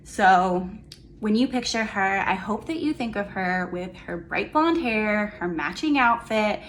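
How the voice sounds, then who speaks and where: A young woman giving a memorial tribute to her mother, fond and reminiscing with gentle humor. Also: medium pitch, lively intonation, a little slow, slight background noise, poor audio.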